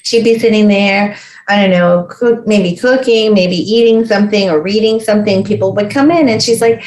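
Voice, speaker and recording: Middle-aged woman psychologist, lively storyteller who slips into character voices, roomy reverberant sound. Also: mid-range voice, moderate pace. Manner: animated, acts out the voices of family members in her stories. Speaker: psychologist guest. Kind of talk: casual podcast storytelling. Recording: roomy echo.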